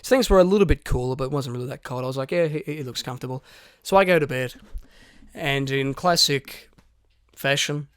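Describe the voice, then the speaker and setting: A man, co-hosting a podcast, telling a story in lively casual chat, swearing and acting out quotes. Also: mid-range voice, fairly quick, smooth, no echo, clean studio sound. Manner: animated storyteller, swears a lot, acts out quotes. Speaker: podcast co-host.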